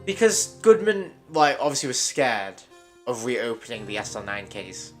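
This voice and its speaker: A young man giving excited, casual commentary on a video game, laughing often and swearing freely. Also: fairly low pitch, moderate pace, faint music behind. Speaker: gaming video creator.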